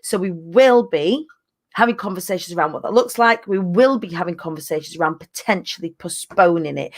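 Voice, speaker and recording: A woman's voice: mid-range voice, a bit bright. A woman hosting a casual livestream update for her business community, speaking candidly and energetically with many fillers and restarts.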